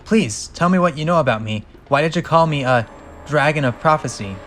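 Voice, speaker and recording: A man's voice: a little high, lively intonation, fairly quick, fairly bright tone, soft background music, pitched above the performer's own voice. A man voicing a frightened, bewildered young dragon. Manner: anxious, pleading.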